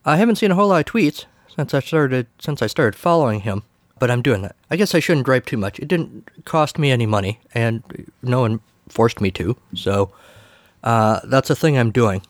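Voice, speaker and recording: A man's voice: medium pitch, expressive, moderate pace, no room sound. A man hosting a podcast, talking casually in a wry, sarcastic way. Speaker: podcast host. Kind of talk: casual solo commentary.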